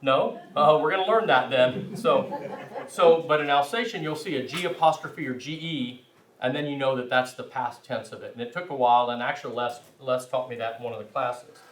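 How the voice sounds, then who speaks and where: A man's voice: medium pitch, a little fast. Man, classroom lecture, rambling, self-deprecating, roomy echo, distant mic. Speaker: language class instructor. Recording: echoey room, mic far off.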